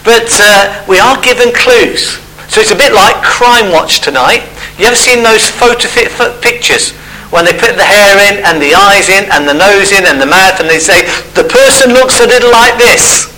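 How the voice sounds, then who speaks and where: Male preacher, high bright voice, chatty explanatory sermon delivery. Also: normal speed, slight background noise, poor audio. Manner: conversational, explaining step by step.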